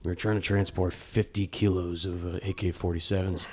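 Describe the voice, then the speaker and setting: A man voicing a gruff male arms smuggler who recounts his past in a low, hushed, gritty way. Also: little pitch movement, fairly quick, noisy background, close to an everyday voice. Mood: grim.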